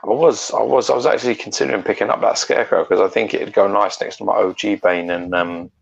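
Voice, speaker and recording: A man's voice: on the low side, fairly even intonation, quick pace, gravelly, slightly rough, highs cut off. A man co-hosting a casual collectibles chat, blunt and sweary, talking at length about statues. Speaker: co-host.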